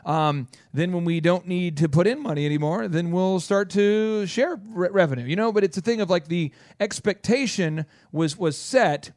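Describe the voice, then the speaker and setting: A man hosting a business radio talk show in casual chat, playful, with jokey asides and quick questions. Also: high voice, darkish tone, no echo, studio quality. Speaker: radio host.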